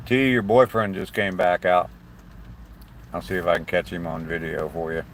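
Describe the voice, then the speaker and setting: A man's voice: deep voice, fairly even intonation, moderate pace, slight background noise. An older man from southern Ohio with a slight southern twang, chatting casually and rambling on a live stream as host, greeting viewers by name. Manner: chatty, rambling, friendly to chat. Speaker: livestream host.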